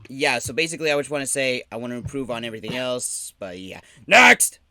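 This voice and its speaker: A man chatting on a podcast call, talking in a soft, hesitant way and trailing off often. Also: mid-range voice, fast talker, clear, resonant tone. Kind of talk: casual chat.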